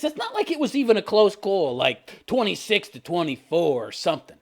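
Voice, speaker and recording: A man's voice: high-pitched, huge pitch swings, normal speed. Sarcastic, profane man in his fifties. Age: 50s. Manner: sarcastic, profane, scoffing, chuckles at his own jabs. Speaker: commentary channel host. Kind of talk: ranting commentary on posts.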